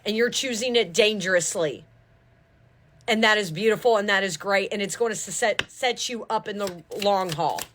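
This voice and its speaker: A tarot reader's medium-pitched, slightly bright voice comes at normal speed over a little hiss or hum. Fervent and preachy, she swears casually and keeps asking "do you understand".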